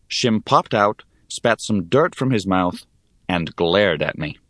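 A male narrator with a deep voice reads a fantasy adventure at an unhurried pace. His lively intonation rises and falls through the tale. The recording is close-miked and dry. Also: no echo. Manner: measured and expressive. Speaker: audiobook narrator. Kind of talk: first-person storybook narration.

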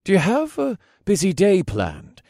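A bright, chipper young lieutenant, as a male narrator puts him on, eager to help and lifted higher than the reader's own low voice. The delivery is lively and dry, recorded close with no room sound. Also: measured pace, no room sound, heavily acted. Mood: cheerful. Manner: chipper, helpful.

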